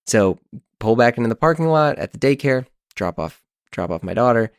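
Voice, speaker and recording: A man in his thirties hosting a podcast, telling a story in an animated, exasperated, self-mocking way. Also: medium pitch, normal speed, creaky, smooth, dry recording, clean studio sound. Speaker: podcast host. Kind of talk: casual storytelling monologue.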